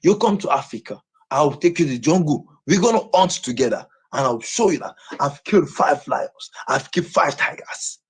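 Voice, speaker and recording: A Nigerian man on a livestream rants in a high, husky voice, repeating himself again and again. His pitch leaps wildly up and down as he keeps going, agitated and loud in delivery. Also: animated, moderate pace, hardly any pauses. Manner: agitated, repeats phrases over and over. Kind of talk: ranting livestream chat.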